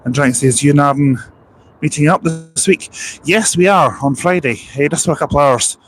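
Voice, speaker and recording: A man's voice: fairly high pitch, moderate pace, a little hiss or hum. A man with a sore throat chatting casually on a phone live stream outdoors by a bus station, rambling and reading out viewer comments.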